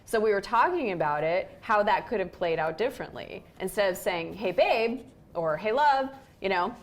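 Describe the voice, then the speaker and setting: A woman's voice: mid-range voice, lively intonation, brisk, a little hiss or hum. A woman co-hosting a relationship show, telling a story candidly and acting out quoted lines with animation.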